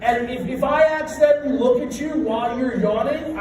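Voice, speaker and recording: Brief: middle-aged male workshop presenter, high voice, playful and self-mocking, recorded from a distance in a very echoey room. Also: fairly quick, background noise. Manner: playful, jokey, self-deprecating. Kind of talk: leading a stretching workshop. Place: large room with a live group.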